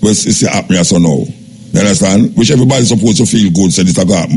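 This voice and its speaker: A man's voice: medium pitch, expressive, warm tone. Skeptical Jamaican man on talk radio. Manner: measured, skeptical, speaks in Jamaican Patois. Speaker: radio talk show host. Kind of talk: radio commentary monologue. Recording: radio broadcast with faint background noise.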